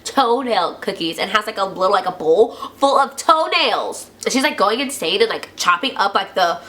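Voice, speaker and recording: Speaking at a normal speed with a medium-pitched voice, a woman gives a casual rundown of a TV episode for her channel. Her style is chatty and packed with "like," and she acts out the lines in animated voices.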